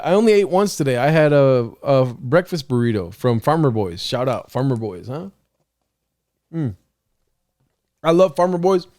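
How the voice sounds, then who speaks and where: A man's voice: medium pitch, a little mellow. A young man hosting a casual solo podcast, rambling, joking at his own expense and laughing often. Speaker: podcast host.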